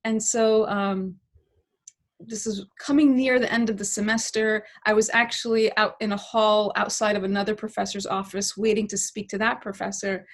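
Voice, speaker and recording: A middle-aged political science professor appears as a podcast guest, telling a reflective story in long, winding sentences and often checking in with "right?". Her mid-range voice shows little pitch movement and moves at normal speed.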